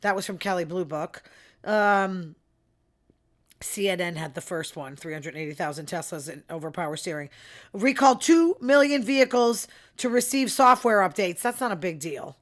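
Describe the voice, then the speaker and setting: Woman doing her own podcast solo, chatty and opinionated, trails off into quiet asides. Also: lowish voice, lively intonation, normal speed. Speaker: podcast host. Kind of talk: casual solo podcast chat.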